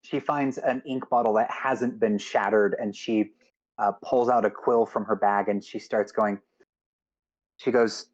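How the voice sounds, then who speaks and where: A man acting as game master, narrating a tabletop game in a halting way with many fillers. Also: on the low side, steady tone, dull audio.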